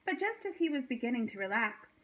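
Expressive woman reading aloud to children. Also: fairly high pitch, quick pace. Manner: warm, expressive storytelling to children. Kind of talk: children's storybook read-aloud. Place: small home library.

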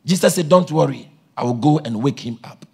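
A man preaching a sermon, shouting with passion and a sing-song cadence, with a gravelly voice. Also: a little high, lively intonation, fairly quick.

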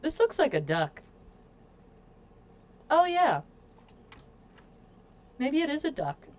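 A woman's voice: high voice, very animated, a little fast. A woman streaming a game, chatting playfully to her viewers as she plays. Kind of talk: casual gameplay commentary.

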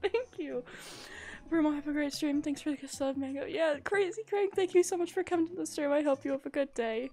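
High-voiced gushing young woman streamer. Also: normal speed, a little mellow, soft background music. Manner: gushing, rambling, thanks viewers effusively with many fillers. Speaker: livestreamer. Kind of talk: casual live-stream chat while building in a block game.

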